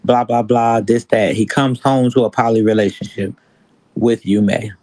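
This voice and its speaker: A man hosts a casual livestream chat. He tells the story with animated energy and keeps slipping into other people's words. His voice is mid-pitched, close and dry, with no room sound. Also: normal speed, no room sound, rough recording. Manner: animated storytelling, acts out quotes. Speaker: stream host.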